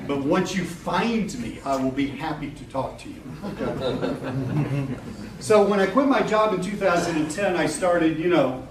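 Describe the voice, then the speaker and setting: A middle-aged man speaks to a live audience at a seminar. His voice sits slightly high, and he is lively, blunt and quick to laugh. The recording is roomy and noisy, with the mic set well away from him. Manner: animated, laughing, blunt, swears casually. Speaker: marketing coach presenting a seminar. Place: event room with a live audience. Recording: echoey room from a distance, noisy.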